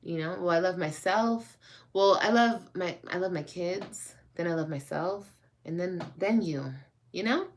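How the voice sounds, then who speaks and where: A woman vlogger talks frankly with her viewers in a slow, unhurried way, her voice sitting a little low. She rambles and restarts as she answers their comments, calling them babe and girl. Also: a little hiss or hum. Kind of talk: casual livestream chat, answering viewer comments.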